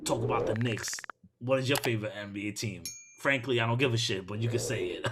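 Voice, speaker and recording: A man from Brooklyn hosts a podcast with a mid-pitched voice. He talks in loose, profane, excitable bursts and laughs often. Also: fast, noisy background. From Brooklyn, New York. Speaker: podcast host. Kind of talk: casual chat.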